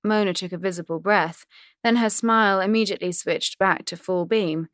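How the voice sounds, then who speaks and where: Brief: woman reading fiction with a wry, chatty tone, lowish pitch. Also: normal speed, dry recording, clean studio sound. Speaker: audiobook narrator. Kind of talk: scripted narration.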